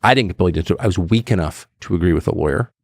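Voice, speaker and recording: A man's voice: sits low, rapid-fire, no echo, clean studio sound. A middle-aged man, a political commentator, talking bluntly and emphatically in a podcast conversation, acting out the voices he quotes. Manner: blunt, swears.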